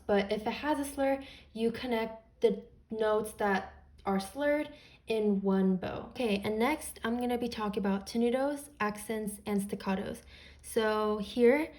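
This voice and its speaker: A woman's voice: mid-range voice, darkish tone. A woman patiently explaining beginner music theory step by step, as a teacher.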